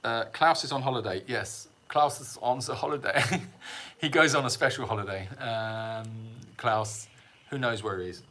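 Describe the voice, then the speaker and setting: A man's voice: medium pitch, moderate pace, bright, forceful tone. A middle-aged man hosting a casual livestream, rambling and self-mocking, reading out viewer comments and chuckling often. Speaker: sanctuary livestream host.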